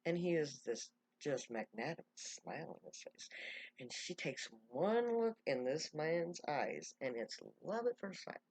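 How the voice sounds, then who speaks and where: A woman telling a story in a casual, animated way, often laughing and acting out quotes. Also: sits low, unhurried, husky, no echo.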